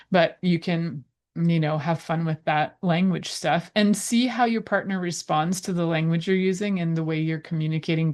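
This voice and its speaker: A woman with a low voice hosts a casual advice talk. She speaks in a chatty, playful way. She often drifts into rambling asides. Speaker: podcast host.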